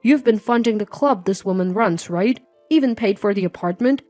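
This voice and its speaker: A woman voicing a calm, composed young adult son who speaks firmly. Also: medium pitch, normal speed, faint music behind, lightly acted. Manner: calm and firm.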